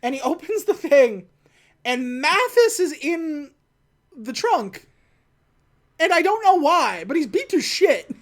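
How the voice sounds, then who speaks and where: A woman's voice: high voice, big pitch swings. Woman recapping a film with laughs. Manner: laughing, acts out characters in quick voices. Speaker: podcast host. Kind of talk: casual comedic movie recap.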